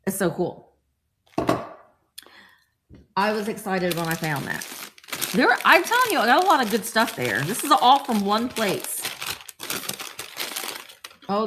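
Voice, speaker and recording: A woman hosts a casual live chat as she shows off her thrift finds, answering viewers by name. Her voice sits at a middle pitch but swings up and down a lot, bouncy and playful. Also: gravelly, fairly bright tone. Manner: chatty, reads out viewer names, playful voices. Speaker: vintage reseller host. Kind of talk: live-chat haul vlog.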